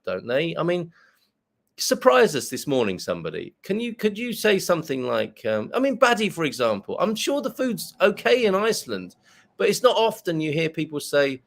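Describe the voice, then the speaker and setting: A man's voice: a little high, vocal fry. A man hosting a live-stream chat, reading viewer comments with rambling, jokey, self-mocking asides. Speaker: host.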